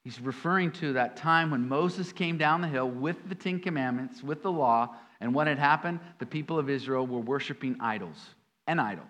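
A man preaching a sermon in an animated way, with sudden emphatic jumps and folksy asides among his scripture readings. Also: medium pitch, normal speed. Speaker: pastor.

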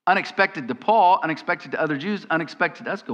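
A male pastor delivers a sermon conversationally and briskly, landing on emphatic questions. His slightly high voice sounds bright, forceful and animated, with a church hall's long reverb trailing each phrase.

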